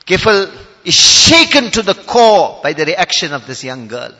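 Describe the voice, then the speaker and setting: A man delivers an impassioned sermon, his voice high and bright. He drops to a hush and then rises loud, and rattles off Arabic verses at speed. The sound carries a long hall reverb. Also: animated. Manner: impassioned, swings from hushed to loud; recites Arabic verses rapidly. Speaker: preacher.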